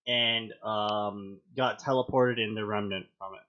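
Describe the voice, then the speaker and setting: A man hosting a fanfiction reading show, reading aloud with mocking commentary and acting out quoted lines in loud, high outbursts. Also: fairly even intonation, measured pace, muffled recording.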